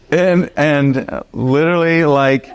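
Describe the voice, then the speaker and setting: In a lowish voice with the highs cut off, a man teaches a Bible study. He tells a personal story in an animated, conversational way, full of fillers and restarts.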